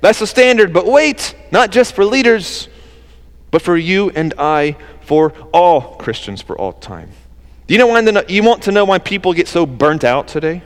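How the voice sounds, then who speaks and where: A man with a Southern accent preaching a sermon as pastor, earnest and conversational, with quick asides and rephrasings. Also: high voice, big-room sound.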